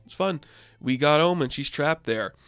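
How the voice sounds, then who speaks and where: A man's voice: fairly high pitch, normal speed, vocal fry, smooth, dry recording, clean studio sound, faint music behind. A young man casually recapping a comic book, acting out the characters' lines as he goes. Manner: animated, acts out characters' lines.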